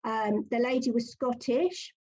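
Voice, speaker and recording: A woman with a high voice telling a story as an interview guest, chatty and laughing often. The audio is dull and muffled. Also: expressive, measured pace, a little mellow. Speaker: funeral celebrant, interview guest. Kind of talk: conversational interview.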